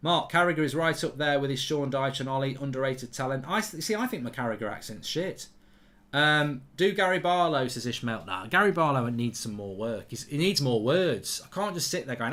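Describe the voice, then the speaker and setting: A man's voice: mid-range voice, animated, fairly quick, a bit bright. A man hosting a live football watchalong, chatting bluntly and reading out viewer comments. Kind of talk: casual live-stream chat and commentary.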